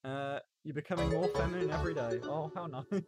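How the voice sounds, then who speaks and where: A man's voice: a little high, fairly quick, over loud music. A young man chatting casually on a live stream, rambling and stopping and starting as he reacts to chat. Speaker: livestreamer.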